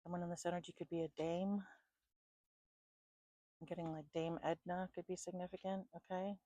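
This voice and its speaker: A woman doing an intuitive psychic reading at home, calmly listing names and places she picks up, thinking aloud and a bit sleepy. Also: lowish voice, moderate pace, dry recording, low-quality recording. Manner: calm, repetitive, thinking aloud. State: sleepy, yawning. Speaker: psychic reader.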